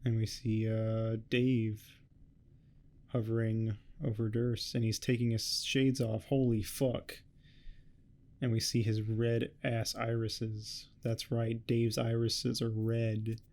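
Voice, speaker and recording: A man giving a rambling, heavily swearing casual recap of a webcomic, tossing off quick quotes of the characters. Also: medium pitch, flat delivery, a little mellow. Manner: swears a lot, rambling and offhand. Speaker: host. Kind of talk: casual comic recap commentary.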